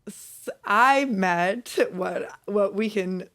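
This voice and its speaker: A woman's voice: mid-range voice, drawn-out words, a bit bright. A woman co-hosting a podcast, telling dating stories in a casual chat, laughing often and swearing a lot. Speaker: podcast co-host.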